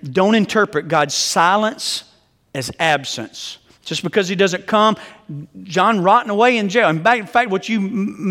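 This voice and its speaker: Middle-aged male pastor, high-pitched, emphatic storyteller, sermon in a reverberant hall. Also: fairly bright tone. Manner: conversational, joking, emphatic storyteller. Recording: long reverb of a large hall.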